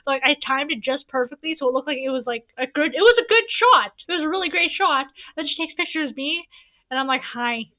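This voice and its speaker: A woman in her early twenties telling rambling sibling stories over gameplay, repeating herself and adding quick asides. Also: high voice, steady tone. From Canada. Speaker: gaming YouTuber. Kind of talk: casual storytime over gameplay. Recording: tinny phone-like audio.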